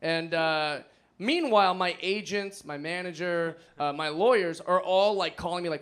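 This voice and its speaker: A man telling a stand-up story on stage, excitable and laughing through his lines. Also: fairly high pitch, normal speed, clean tone. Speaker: stand-up comedian. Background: audience laughter.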